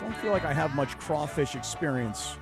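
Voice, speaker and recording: A man's voice: fairly high pitch, animated, moderate pace, over music. A man co-hosting a morning sports radio show, teasing and joking in casual banter. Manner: playful, teasing.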